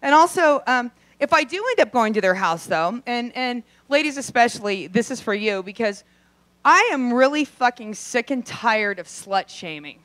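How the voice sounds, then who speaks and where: A young adult woman performing a brash, profane stand-up set, acting out quick voices in her asides. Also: on the high side, lively intonation, fairly bright tone, no echo. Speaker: stand-up comedian. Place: comedy club stage.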